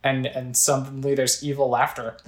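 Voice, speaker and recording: A woman's voice: a bass voice, little pitch movement, measured pace, darkish tone, reverberant, poor audio. A woman casually playing a video game, chatting about what's on screen and reading text aloud. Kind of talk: casual let's play commentary.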